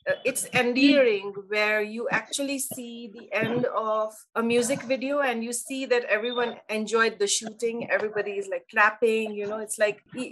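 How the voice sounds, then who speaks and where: A woman co-hosting a music video reaction, talking in a chatty, animated way. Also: a little high, slight background noise, rough recording. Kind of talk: casual chat.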